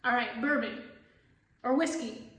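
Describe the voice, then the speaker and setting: A woman with a high voice tells a rambling, profanity-laced story in a casual monologue. She keeps slipping into quoted back-and-forth, playing herself and the other person. The room around her rings with echo. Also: unhurried, recorded from a distance. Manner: animated, profane, acts out both sides of conversations. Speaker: tarot reader telling a story. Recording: echoey room.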